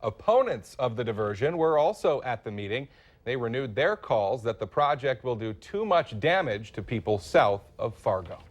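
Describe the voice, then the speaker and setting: A man's voice: medium pitch, sing-song, normal speed. A man anchoring a morning newscast in a TV studio, reading local stories with a lightly joking manner. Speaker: news anchor. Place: TV news studio.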